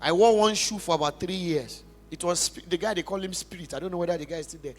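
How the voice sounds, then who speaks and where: A young adult pastor from Nigeria with a Nigerian accent, giving an emphatic, passionate sermon testimony in church. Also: male voice, sits high, fast. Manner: emphatic, passionate preaching with big swings in loudness.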